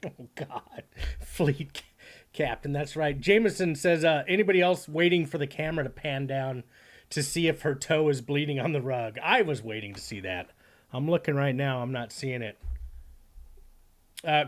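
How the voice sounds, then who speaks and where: Man streamer, slightly high voice, rambling and swearing, reads chat out loud. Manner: rambling, profane, laughs often, reads chat aloud. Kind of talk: live stream reaction commentary.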